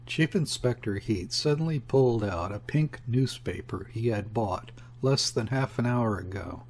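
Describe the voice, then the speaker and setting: A man reading a classic novel aloud as an audiobook narrator, in a steady, unhurried way. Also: medium pitch. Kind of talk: measured literary narration.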